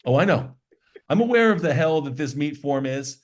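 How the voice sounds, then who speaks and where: A man's voice: a little high, expressive, normal speed. Easygoing, self-mocking male podcast guest. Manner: easygoing, self-deprecating, joking. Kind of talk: casual chat.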